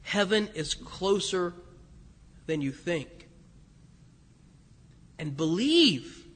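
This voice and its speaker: A priest with a high voice delivers a homily. He tells stories in a loose, chatty way, stumbling over restarts as he goes. His voice carries a long reverb that fills the church. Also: animated, takes it slowly, a bit bright. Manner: conversational storytelling with frequent restarts.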